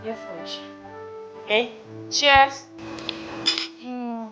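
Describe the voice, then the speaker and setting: A woman's voice: fairly high pitch, drawn-out words, over loud music, poor audio. A Ghanaian woman playing a young woman who coaxes and soothes a heartbroken male friend. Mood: coaxing. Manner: coaxing, soothing.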